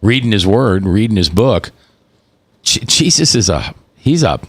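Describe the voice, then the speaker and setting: Male guest, low-ish pitch, dry recording, agreeable casual faith chat. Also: sing-song, a little slow, husky, no room sound. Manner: agreeable, frequent yeahs.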